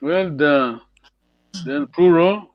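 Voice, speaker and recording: A man's voice: a little high, drawn-out words, no echo. A man teaching a language lesson over a video call, patient and encouraging, laughing often. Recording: dull lo-fi video call audio.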